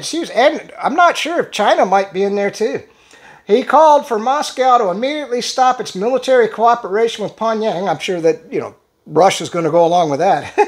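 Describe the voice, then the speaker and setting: A man hosting a solo commentary show, reading posts aloud with sarcastic, conversational asides and halting restarts. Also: very high voice. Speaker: channel host.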